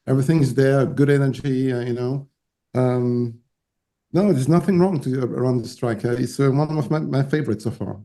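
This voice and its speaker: A man's voice: mid-range voice, moderate pace, mellow. A man on a review panel giving brief, hesitant remarks about a track. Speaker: panel judge, record producer.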